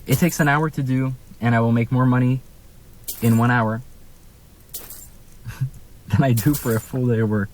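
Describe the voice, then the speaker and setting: A man's voice: mid-range voice, steady tone, a little slow, pauses often, darkish tone. A young man from Canada, speaking in a casual vlog from a room at home, ranting with emphatic rhetorical questions. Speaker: vlogger.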